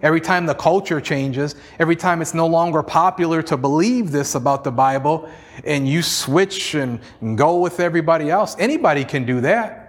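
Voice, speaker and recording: A man's voice: a little high, a little fast. A male pastor preaching a sermon in an emphatic, repetitive style, sprinkled with "you know" and small chuckles.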